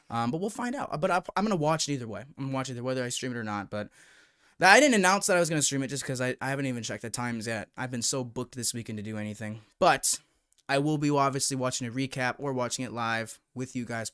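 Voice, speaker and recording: A young man from the United States chatting on a live stream, excitable and rambling as he talks to his viewers. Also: on the high side, clean tone. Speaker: YouTube VR streamer. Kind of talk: casual live-stream chat.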